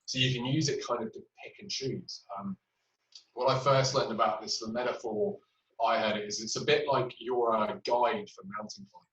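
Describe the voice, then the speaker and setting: Male trainer explaining in a roomy room. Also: medium pitch. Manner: explanatory, uses patient examples and hesitant fillers. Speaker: clinical trainer. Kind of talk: webinar teaching. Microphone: webinar recording. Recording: roomy, distant, dull audio.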